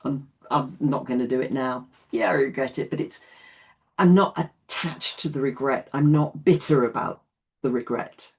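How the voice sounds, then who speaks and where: A woman's voice: extremely low pitch, moderate pace, darkish tone. Chatty woman in her late sixties teaching. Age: 60s. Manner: chatty, laughs often between points. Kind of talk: online class teaching.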